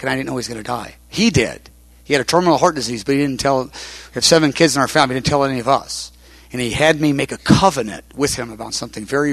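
A man preacher telling a personal testimony, retelling conversations line by line in a halting storytelling way, often restarting his words. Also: mid-range voice, gravelly, a bit bright, slightly rough, dry recording. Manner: retells conversations with many quoted lines.

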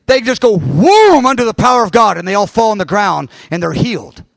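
A man preaching a sermon, retelling a dream in an animated way with many restarts and sound words. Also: sits high, brisk, creaky, no room sound. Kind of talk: sermon storytelling.

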